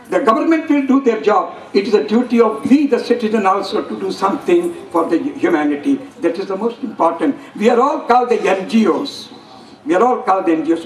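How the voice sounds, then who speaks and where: A man with an Indian English accent giving an earnest, emphatic public speech at a school function, repeating phrases for effect. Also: high-pitched. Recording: echoey hall, voice from far off.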